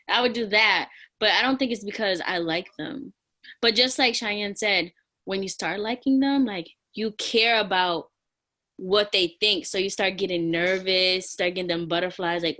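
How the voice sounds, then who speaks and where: A woman's voice: medium pitch, normal speed, bright, forceful tone. A woman on a podcast panel talking candidly and acting out little quoted lines. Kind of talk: casual debate chat.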